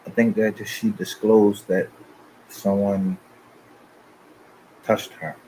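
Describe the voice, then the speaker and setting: A man's voice: fairly low pitch, flat delivery, takes it slowly, dark tone, slight background noise, poor audio. A man hosting his channel, talking loosely and profanely in a confrontational rant to his viewers. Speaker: channel host.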